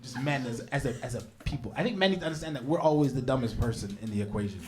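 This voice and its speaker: A man's voice: mid-range voice, rapid-fire. A young man doing a stand-up comedy set on stage, telling stories animatedly and bantering with the crowd. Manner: animated storytelling with big voice jumps for quoted people. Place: comedy stage before a live audience.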